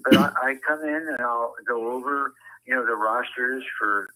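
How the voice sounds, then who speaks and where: An older man who works as a ballpark public address announcer, speaking as an interview guest with precise enunciation and frequent "uh" pauses. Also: medium pitch, pushed and bright, poor audio.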